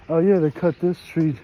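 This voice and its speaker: A man from New York with a matching accent talks into a handheld phone as he strolls outdoors, his voice on the high side. He rambles in a laid-back, slangy way, and a faint hiss of outdoor noise sits behind him. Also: mellow. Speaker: vlogger host. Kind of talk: casual walk-and-talk chat. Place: outdoors walking a residential street.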